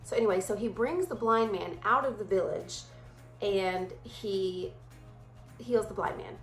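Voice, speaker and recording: A woman leads a casual Bible study in a chatty, animated way, sometimes dropping into quick playful voices. Her voice sits at a middle pitch for a woman. The room around her is echoey, with soft music playing faintly behind.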